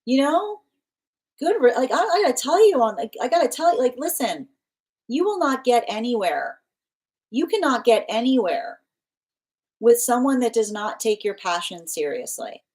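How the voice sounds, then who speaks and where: A woman's voice: fairly high pitch, big pitch swings, normal speed, darkish tone. A woman giving a live tarot reading, rambling and emphatic, with frequent restarts and repeated phrases. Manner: emphatic, insistent. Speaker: tarot reader.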